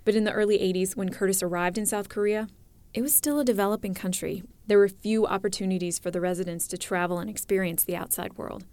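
Woman, documentary narrator, scripted, measured delivery, mid pitch, dry close sound. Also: darkish tone, no echo. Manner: clear, measured, explanatory.

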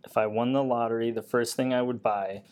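A man being interviewed on a podcast who answers in an easygoing way, often pausing with fillers. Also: medium pitch, fairly even intonation, a little mellow, clean tone. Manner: easygoing, hesitant with many fillers. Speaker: guest, Air Force technician.

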